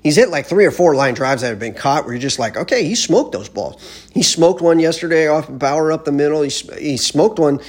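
A man's voice: fairly high pitch, brisk, hardly any pauses, darkish tone. A man ranting casually and bluntly about baseball, with lots of profanity and rambling restarts. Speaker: baseball fan commentator. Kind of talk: casual sports rant.

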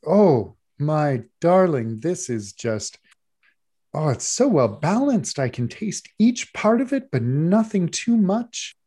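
A man's voice: a little high, big pitch swings, slow pace, warm tone, slightly rough, pitched above the performer's own voice, heavily acted. A man voicing an effusive older woman who judges a baking contest, swooning over each cake. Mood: gushing. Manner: effusive, sighing praise.

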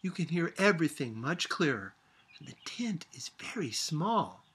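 Man reads stubborn little girl, raised and lively, storybook. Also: on the high side, moderate pace, husky, exaggerated voice. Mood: earnest. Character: young girl, anxious and stubborn.

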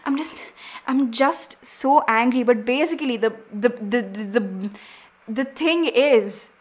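A woman's voice: fairly high pitch, slow. Teen girl ranting heatedly. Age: teens. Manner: heated, ranting, many restarts and trailing off. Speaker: podcast host. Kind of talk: solo podcast rant.

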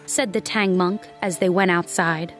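A woman narrating a children's storybook in a slow, clear reading voice. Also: fairly low pitch, steady tone, fairly bright tone, soft background music.

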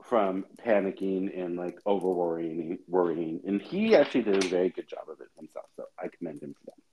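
Man, podcast co-host, casual chat, lively swooping pitch, dramatic storyteller. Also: brisk, vocal fry, dull audio, a little hiss or hum. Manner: animated storyteller, chatty, dramatic.

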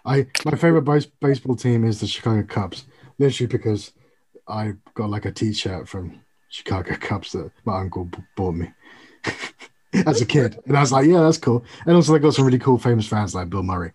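This young man from the UK has a low-ish, slightly rough voice and talks briskly. He's chatting casually about sport, animatedly telling stories and explaining things at length.

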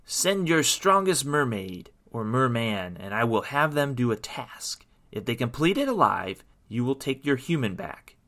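A man's voice: mid-range voice, very animated, a little slow, hardly any pauses, fairly bright tone. A man voicing a cruel, gloating evil sea queen in a storybook reading, drawing out his mocking words.

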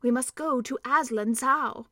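A woman's voice: sits high, measured pace, sharp tone, no echo, clean studio sound, exaggerated voice. A woman voicing an earnest, learned old male doctor who explains plans in an urgent way.

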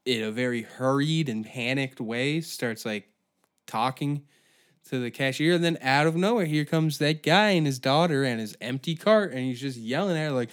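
A man's voice: mid-range voice, moderate pace. A man hosting a podcast, ranting through a sarcastic, profane comedic monologue. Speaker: podcast host.

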